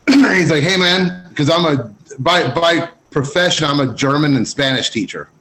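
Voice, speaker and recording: A middle-aged man with a slightly high voice talks as a podcast guest. His speech is relaxed and slangy, full of casual asides. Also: measured pace, low-quality recording. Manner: laid-back, slangy, says "man" a lot. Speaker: guest cigar journalist.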